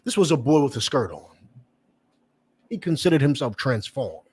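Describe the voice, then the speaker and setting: A man's voice: medium pitch, very animated, moderate pace, darkish tone, breathy edge. A man giving a fiery, profane preaching lecture, repeating points and questioning his listeners. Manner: emphatic, repetitive, profane; questions the audience directly. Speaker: preacher and teacher.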